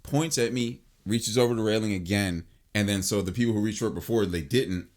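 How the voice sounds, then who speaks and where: A man in his late twenties with a lowish voice tells a story on a podcast. He talks casually and animatedly, swears freely, restarts his sentences and leans on "like" and "I'm like" to act out the moment. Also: a little fast. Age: late 20s. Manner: animated and profane, filled with "like" and restarts. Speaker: podcast host.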